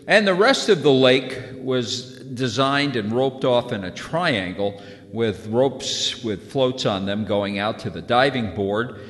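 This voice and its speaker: A man in his sixties from New Jersey telling a childhood memory in a folksy, conversational way. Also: takes it slowly. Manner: folksy, conversational, lively pitch. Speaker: storyteller recalling childhood. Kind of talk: casual spoken memoir. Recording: long hall reverb.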